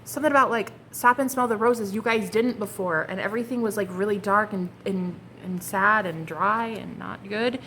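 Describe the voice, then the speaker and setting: A young woman reading tarot cards for her viewers, excitable and flustered. She swears casually, giggles, and calls the audience honey and girl. A faint hum of noise sits behind her voice. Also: medium pitch, normal speed, hardly any pauses. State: flustered and hot. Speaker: tarot reader.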